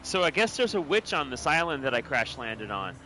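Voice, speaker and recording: A man chatting excitedly to viewers while playing a video game. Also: mid-range voice, fairly quick, slight background noise. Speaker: game streamer. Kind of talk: casual gameplay commentary.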